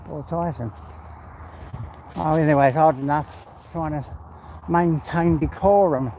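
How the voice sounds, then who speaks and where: A man's voice: a little high, fairly even intonation, measured pace, dark tone, a little hiss or hum. A retired man from England chatting casually to his viewers while walking his dog outdoors, rambling from one thing to the next. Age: older. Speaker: vlogger. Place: outdoors on a rural walk by water.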